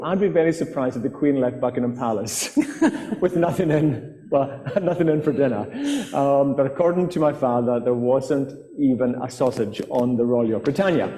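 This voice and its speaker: A Scottish man from the Outer Hebrides spins stories on stage, hesitating with fillers and restarts. His voice is mellow and warm, carried by a live mic into a long-echoing hall. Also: medium pitch. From Outer Hebrides, Scotland. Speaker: author and guest speaker. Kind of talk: storytelling talk to a live audience. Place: festival hall.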